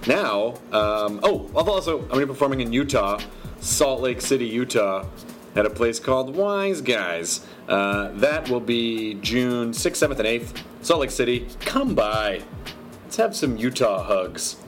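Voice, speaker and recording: A man's voice: mid-range voice, very animated, a little slow, soft background music. A man hosting a podcast, reading plugs and sponsor ads in a loose, joking way, often correcting himself. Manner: rambling, self-correcting, joking. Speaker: podcast host. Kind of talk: casual podcast intro and ad read.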